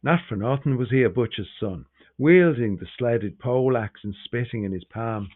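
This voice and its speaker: A man's voice: medium pitch, normal speed, dry recording, lightly acted. Man reading as an intense young scholar. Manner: energetic, arguing. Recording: tinny, phone-like sound.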